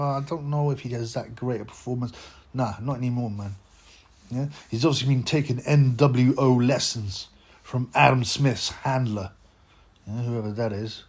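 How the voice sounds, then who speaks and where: A man's voice: medium pitch, darkish tone. A man hosting a boxing channel, talking in a rambling, mocking rant with lots of stammered restarts. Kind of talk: casual rant to camera.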